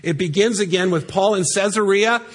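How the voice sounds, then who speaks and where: A man's voice: high-pitched, a little fast, husky. A man preaching a sermon in a church, earnestly reading scripture aloud and explaining it. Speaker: pastor. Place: church sanctuary.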